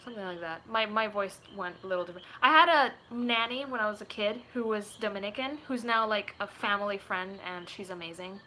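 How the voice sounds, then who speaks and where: A woman's voice: medium pitch, fairly quick, few pauses, sharp tone, a little hiss or hum. A woman, chatting casually and rambling through viewer questions, giggling often. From Puerto Rico. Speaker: gaming YouTuber.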